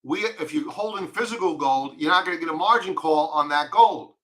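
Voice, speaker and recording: Brisk and blunt, a market commentator with a Long Island accent hammers home his stock chart observations and repeats his warnings. His voice is on the high side with a fairly bright tone.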